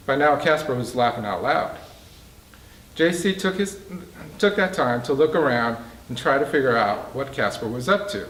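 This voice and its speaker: A man, an author, reading his novel aloud in a bookstore with a steady storytelling delivery. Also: mid-range voice, moderate pace. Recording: roomy, distant mic in a bookstore.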